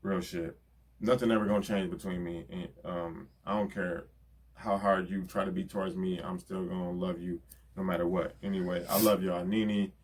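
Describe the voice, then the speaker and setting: A man, talking earnestly and casually as he thanks the people in his life. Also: low voice. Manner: earnest, repeats "you know what I'm saying". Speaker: rapper giving album shout-outs. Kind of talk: casual heartfelt talk.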